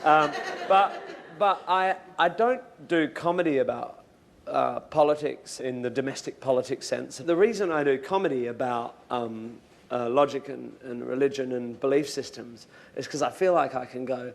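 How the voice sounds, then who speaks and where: A man's voice: medium pitch, normal speed, gravelly. A man, a comedian, talking earnestly and reflectively in a panel chat, swearing freely.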